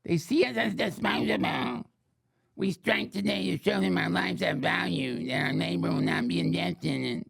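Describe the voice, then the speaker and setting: A man voicing an angry male kobold union organizer who chants strike slogans slowly, as in a comedy podcast bit. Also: sits high, gravelly, a bit bright, slightly rough, no room sound, clean studio sound, exaggerated voice. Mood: defiant.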